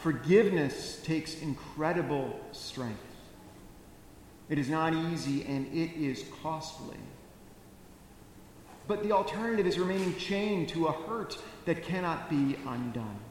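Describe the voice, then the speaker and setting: Man, pastor, sermon, wry animated storytelling, long hall reverb, faint background noise. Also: a little high, unhurried.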